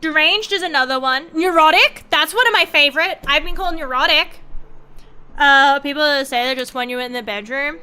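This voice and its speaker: A woman's voice: high-pitched, normal speed, pushed and bright. A young Australian woman streamer rambling through casual, profane, self-mocking chat while she draws. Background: faint background music.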